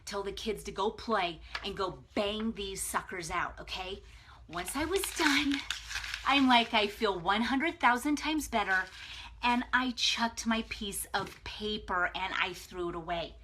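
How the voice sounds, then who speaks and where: A woman's voice: mid-range voice, a little slow, slight background noise. A woman hosting a live video, giving a casual, emphatic pep talk and checking in with viewers. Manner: energetic and emphatic, chatty, with frequent "okay?".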